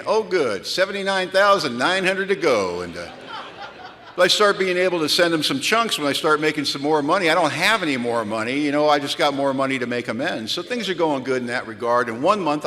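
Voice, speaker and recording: Guy telling funny stories on himself at a retreat, bright forceful voice, big echoey hall. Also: medium pitch, fairly quick. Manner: animated, self-mocking storyteller. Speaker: recovery meeting speaker. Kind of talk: storytelling talk at a retreat. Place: large event hall. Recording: long hall reverb from a large venue.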